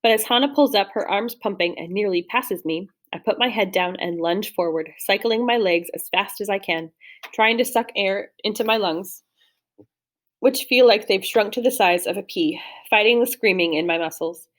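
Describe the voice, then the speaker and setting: At a normal speed and medium pitch, a young woman narrates an audiobook of a first-person novel. Her reading is steady, though she occasionally slips and starts over.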